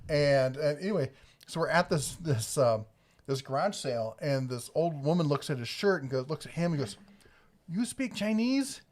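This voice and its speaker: A middle-aged man co-hosts a casual livestream from home, telling family stories and reading viewer comments while chuckling often. His mid-range voice has a darkish tone and a moderate pace.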